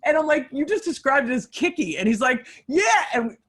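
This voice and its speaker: A woman hosting a casual chat, giggling and telling stories with animated energy. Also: high voice, normal speed.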